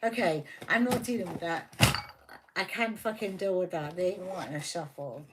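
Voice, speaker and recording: A woman's voice: on the low side, normal speed, very noisy. A woman giving a live tarot reading, heated and fiercely protective of her viewer, swearing constantly. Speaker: tarot reader.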